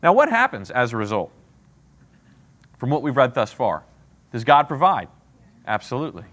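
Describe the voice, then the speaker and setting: A man teaches a Bible class with a lively, swooping voice. He keeps the class involved with questions and often checks in with "okay?" and "right?". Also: mid-range voice, normal speed. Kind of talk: interactive Bible lesson.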